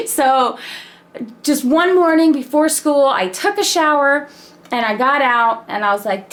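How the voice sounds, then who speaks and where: Woman vlogger telling a funny story, animated, slightly high voice, swears casually. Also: a little slow. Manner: animated, laughing, frank with swearing.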